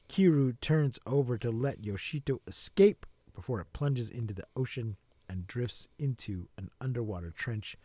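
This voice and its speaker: A man's voice: medium pitch, dark tone, no room sound. A man co-hosting a casual podcast, reading a plot summary aloud with wry asides. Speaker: podcast co-host.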